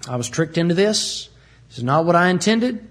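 A man's voice: fairly high pitch, lively intonation, normal speed. A man voicing an anguished, guilt-stricken ancient king who pleads and laments in distraught exclamations.

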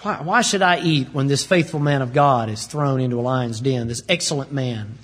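A man's voice: medium pitch, normal speed, fairly bright tone, pitched below the performer's own voice, natural voice. A man voicing an anguished, guilt-stricken ancient king who pleads and laments in distraught exclamations. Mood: despairing.

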